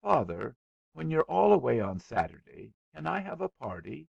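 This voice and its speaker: A man's voice: medium pitch, sing-song, normal speed, vocal fry, a little mellow, breathy edge, dry recording, lo-fi sound, pitched above the performer's own voice, heavily acted. A man voicing a sulky, bored schoolboy who pleads and complains emphatically in an audiobook. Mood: sulky pleading.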